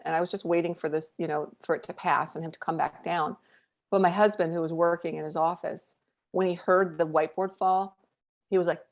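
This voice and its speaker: A woman in her thirties, a podcast co-host, telling a family story in casual chat, candid and animated with lots of fillers. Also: on the low side, brisk. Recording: dull lo-fi audio.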